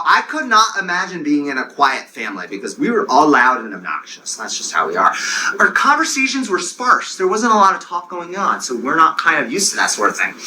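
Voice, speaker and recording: Lively Long Island male lecturer. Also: on the high side, slight background noise, poor audio. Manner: animated, digressive, jokey asides. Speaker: university lecturer. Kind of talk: classroom lecture.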